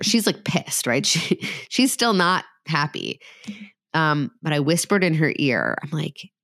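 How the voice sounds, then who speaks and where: Woman podcast host, 30s, low voice, chatty and candid, close dry mic. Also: no echo. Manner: chatty, candid, laughs often, many "like" fillers. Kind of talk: casual solo podcast talk.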